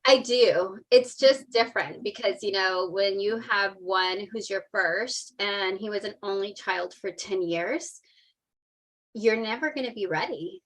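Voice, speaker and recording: A woman's voice: mid-range voice, measured pace. A woman in her forties, a podcast guest, talking openly and emotionally in a casual chat. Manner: open, emotional, talkative.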